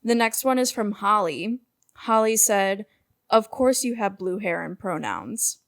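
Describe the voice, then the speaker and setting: A woman's voice: medium pitch, animated, unhurried. A young woman co-hosting a podcast, laid-back with dry jokes in casual chat. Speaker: podcast co-host.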